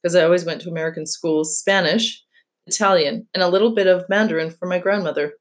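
Lady reading as a chatty worldly preteen girl, kinda low voice, matter-of-fact. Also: fast, lightly acted. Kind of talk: reading a children's novel aloud.

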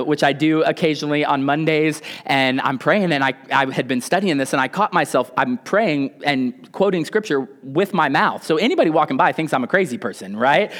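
A man with a high voice preaches to his church. He questions the congregation and waits for replies, then sinks to a near whisper on the phrases he wants to stress. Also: fairly bright tone. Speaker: pastor. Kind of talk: sermon.

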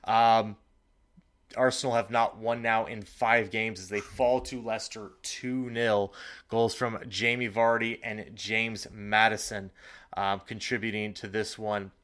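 A man co-hosting a sports podcast, recapping match results in a steady, casual way with frequent ums. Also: lowish voice, unhurried. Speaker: podcast co-host.

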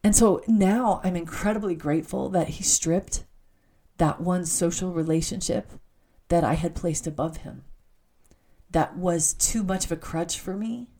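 A woman's voice: fairly low pitch, a little slow, warm tone. A middle-aged woman giving an earnest, heartfelt personal faith talk, often stopping to correct herself.

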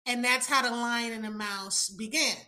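A woman author in a relaxed interview, talking animatedly and acting out little quotes. Her voice sits a bit high and sounds bright and forceful. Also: normal speed. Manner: animated storytelling with acted-out quotes and laughter. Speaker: romance author guest. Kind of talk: casual interview chat.

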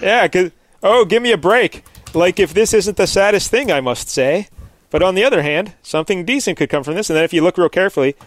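A man's voice: sits high, lively intonation, fast. A man hosting a casual chat, joking and quizzing his co-hosts while recapping a comic. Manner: chatty, joking, asks co-hosts questions. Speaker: podcast host.

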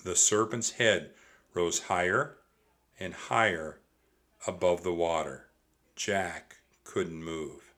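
Bright, unhurried man reading a kids' story. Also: sits low. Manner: expressive, addresses kids directly. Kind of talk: reading a children's book aloud.

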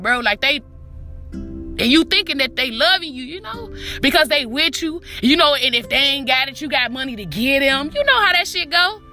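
A woman's voice: high voice, bright, forceful tone. A woman hosting a podcast, giving a profane, preachy motivational monologue straight to the listener, calling them her baby and repeating herself for emphasis. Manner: repetitive, emphatic street talk. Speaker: podcast host.

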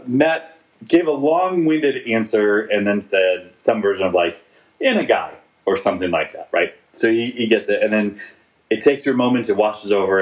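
This podcast co-host, a man in his forties, has a fairly low voice. He rambles and jokes his way through a casual discussion of a TV episode, frequently backing up to restart. The audio is poor.

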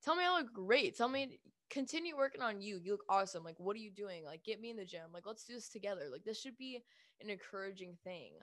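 A young woman vents in a casual vlog rant, blunt and emphatic, with frequent swearing and a steady stream of "like". Her voice sits at a middling pitch for a woman. The sound is close and dry, with no room echo. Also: fast talker. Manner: speaks with lots of "like" fillers. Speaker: vlogger.

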